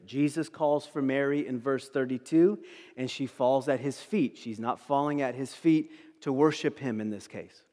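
A man preaching a sermon. He talks in an animated way, swinging between loud emphasis and hushed tones. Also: mid-range voice, long reverb tail. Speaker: pastor.

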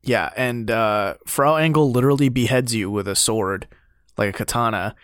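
A man in a casual game discussion, excitable, laughing often and swearing now and then. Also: medium pitch, moderate pace, no room sound, clean studio sound.

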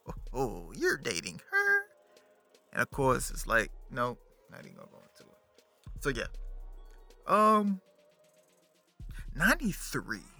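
A man's voice: mid-range voice, vocal fry. A man in his thirties, a podcast host, talking about a movie in a casual, slangy way, often turning to the listener. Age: 30s. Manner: animated, slangy, talks to the listener. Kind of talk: casual movie review chat.

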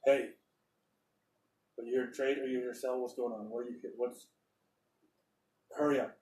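A man's voice: medium pitch, steady tone, moderate pace, a little mellow, distant mic, voice pushed down, lightly acted. A man voicing a grumpy, impatient old man who hurries people along, recorded off-mic in an echoey room. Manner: curt, impatient. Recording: roomy echo, off-mic.

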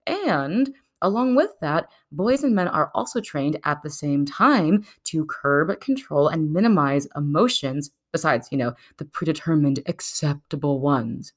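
A young adult woman giving casual video commentary, sarcastic and animated, slipping into mocking voices. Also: deep voice, measured pace, hardly any pauses. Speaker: video essayist.

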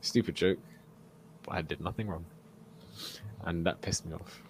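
A young man tells a long story and slips into the voices of the people in it, laughing as he goes. His voice sits very low, and a faint hum of room noise runs under it. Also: moderate pace. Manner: animated storyteller, acts out quotes, laughs often. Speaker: podcast co-host. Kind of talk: casual storytelling chat.

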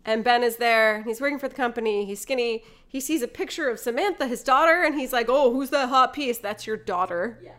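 Young female co-host, casual and animated, retells scenes and laughs. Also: on the high side, fairly quick, few pauses. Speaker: podcast co-host. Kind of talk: casual movie recap chat.

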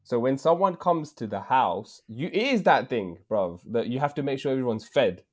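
A man's voice: mid-range voice, normal speed. A man with an English accent in his thirties, telling a story in casual podcast chat with lots of slang. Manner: slangy, animated, drops in "bruv" often. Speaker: podcast co-host.

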